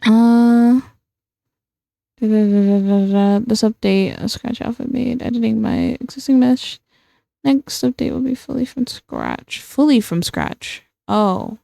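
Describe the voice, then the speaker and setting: Slow, gravelly-voiced American woman streamer. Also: fairly high pitch, very animated, mellow, dry recording, clean studio sound. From United States. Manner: rambling, self-mocking, repeats words. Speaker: streamer drawing live. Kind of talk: casual stream chat while drawing.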